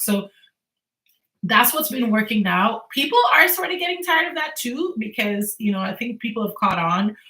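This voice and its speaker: A woman's voice: mid-range voice, a bit bright. A young woman from Antigua and Barbuda with a Caribbean accent, chatting casually and laughing often as she answers viewer questions on a home livestream. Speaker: small business owner and livestreamer. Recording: roomy echo.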